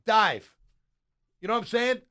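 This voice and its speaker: A middle-aged man with a fairly high, clear, resonant voice walks through game film in a casual, unhurried play-by-play. He's excitable and blunt, breaking into loud praise and then muttering quiet asides, much like a sports show host chatting.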